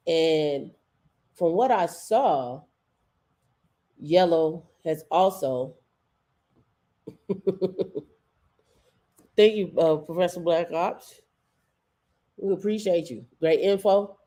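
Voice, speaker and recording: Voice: mid-range voice, takes it slowly, long pauses, dark tone. A show host giving loose, chatty livestream commentary with casual slang.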